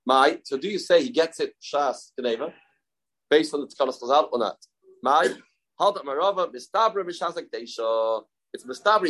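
A man's voice: on the high side, fairly bright tone, poor audio. A man with a Yeshivish accent teaching a daily Talmud lesson, repeating key phrases and asking and answering his own questions. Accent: Yeshivish English.

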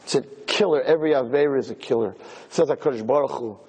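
A man giving a sermon as an animated, excitable storyteller. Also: mid-range voice, fast talker, husky. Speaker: lecturer. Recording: long hall reverb.

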